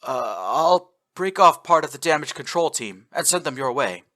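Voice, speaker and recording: A man's voice: fairly high pitch, big pitch swings, moderate pace, sharp tone, voice pushed up. A man voicing a grim male engineering officer calling over the ship's intercom.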